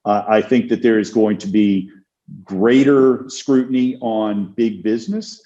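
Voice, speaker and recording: A man with a low, mellow voice talks through an interview as a criminal defense attorney. He is measured and thoughtful and fills his pauses with ums and uhs. The sound is dull and lo-fi. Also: steady tone. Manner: measured, thoughtful, with many fillers. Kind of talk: casual interview talk.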